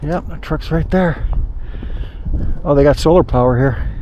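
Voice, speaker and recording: A man from Ohio talking his way along a river trail in a casual hiking vlog, chatty and rambling, quick to exclaim at what he finds. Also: a little high, muffled recording, a little hiss or hum. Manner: chatty, rambling, easily surprised. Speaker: hiking vlogger. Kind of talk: casual outdoor vlog narration.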